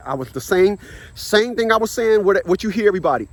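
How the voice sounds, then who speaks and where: A man's voice: high voice, expressive, quick pace. A man telling a personal story in a casual monologue. He rambles, repeats words for emphasis and swears bluntly. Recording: outdoor traffic noise.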